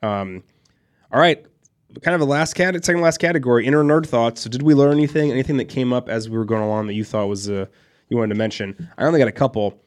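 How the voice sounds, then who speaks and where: A man's voice: mid-range voice, fast talker. A man co-hosting a casual film podcast, laid-back, swearing freely and laughing often. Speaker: podcast co-host.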